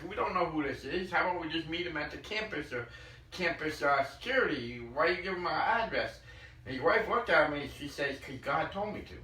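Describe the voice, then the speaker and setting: A man tells stories in a casual, chatty way, slipping into quoted voices and clearing his throat between lines. His tone is bright and forward. He sits some way from the mic in an echoey room with a faint hiss behind him. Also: on the high side, a little fast, recorded from a distance. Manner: retells anecdotes with lively quoted dialogue, clears throat often. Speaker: podcast host. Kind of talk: casual storytelling.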